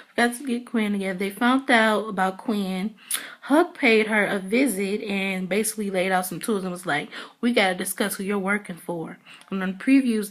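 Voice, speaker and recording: A woman vlogger casually recapping a TV episode, chatty, acting out characters' lines with lots of fillers. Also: mid-range voice. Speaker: TV episode reviewer. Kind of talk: casual chat.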